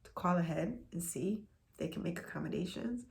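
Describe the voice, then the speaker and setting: Earnest woman with a low gravelly voice. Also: lively intonation, brisk. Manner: earnest, repeats lines for emphasis, often softens to near a whisper. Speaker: vlogger sharing a health journey. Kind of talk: casual personal vlog.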